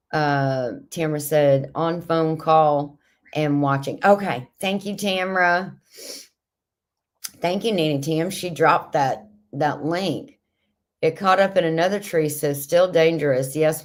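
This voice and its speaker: A woman with a low voice hosts a relaxed livestream chat from her home. She speaks slowly and warmly to her viewers, reads their comments aloud, and gushes over the vintage jars she is showing. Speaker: livestream host.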